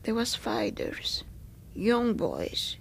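An older woman from Greece recounts her memories in oral history testimony. Her voice is strongly gravelly, and she speaks slowly, stopping often to search for words. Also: a little high, wildly swooping pitch, a little hiss or hum. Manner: halting, with many pauses and fillers. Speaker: survivor giving testimony.

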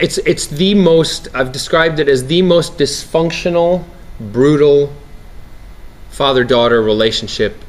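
Animated actor talking at a press junket. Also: male voice, medium pitch. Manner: animated, laughing, restarts sentences. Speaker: actor interviewee. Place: outdoor TV set, press line.

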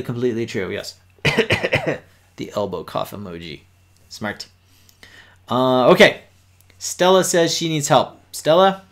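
A man teaching kids to code on a live stream, explaining patiently step by step and talking straight to the viewers. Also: mid-range voice. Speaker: teacher hosting a coding stream.

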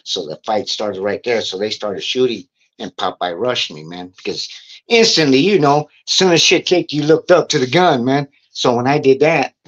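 A middle-aged man, a guest on an interview, telling rough stories in a casual, profane, streetwise way. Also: medium pitch, a bit bright. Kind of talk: casual storytelling. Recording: dull lo-fi recording.

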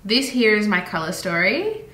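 A woman's voice: mid-range voice, sing-song, normal speed, pushed and bright. An Australian woman chatting casually and enthusiastically through a beauty product haul, with rambling asides. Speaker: beauty vlogger. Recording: roomy echoey room.

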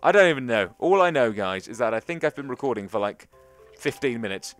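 A man's voice: mid-range voice, animated, fairly quick, fairly bright tone, soft background music. A young man hosting a gaming channel, chatting and rambling through a let's play commentary to his viewers and to the creatures in the game.

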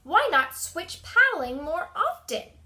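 A small, excitable female mouse from a children's storybook, squeaky and eager. The voice sits high and swoops about, bright and ringing, as a woman reads her part aloud. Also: slow, heavily acted. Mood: excited.

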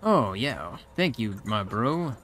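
A man giving casual let's-play commentary, chatty and quick to react aloud and laugh at the game. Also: on the low side, sing-song, a bit bright, faint music behind. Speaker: gamer.

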